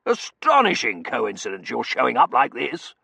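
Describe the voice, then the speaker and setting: A man voicing a gruff, blustering older Victorian colonel with a contemptuous edge. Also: mid-range voice, huge pitch swings, moderate pace, pushed and bright, no echo, voice pushed up, full character voice. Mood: delighted.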